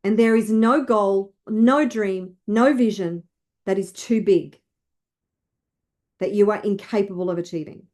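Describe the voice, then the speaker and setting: A woman wealth coach leading listeners through slow, emphatic affirmations to repeat after her. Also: medium pitch, darkish tone.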